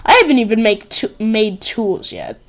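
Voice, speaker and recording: A woman's voice: on the high side, very animated, measured pace, slight background noise. A woman hosting a casual game commentary, rambling and giggling with lots of "like" and "um". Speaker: gaming channel host. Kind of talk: casual let's-play commentary.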